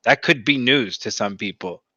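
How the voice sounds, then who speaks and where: A man's voice: medium pitch, moderate pace, sharp tone, no echo. Man on a dull lo-fi mic. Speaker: chat participant. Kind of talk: casual group voice chat.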